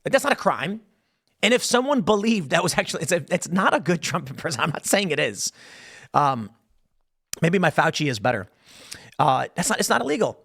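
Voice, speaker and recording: A man's voice: a little high, very animated, brisk, gravelly, pauses often, a bit bright, husky. A man hosting a show, giving casual, opinionated commentary with lots of rhetorical questions. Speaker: show host.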